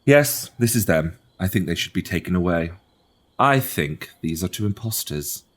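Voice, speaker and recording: Man voicing a self-important academic in a tabletop game, low and prim. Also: lively intonation, moderate pace. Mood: accusing. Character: haughty, self-important male scholar.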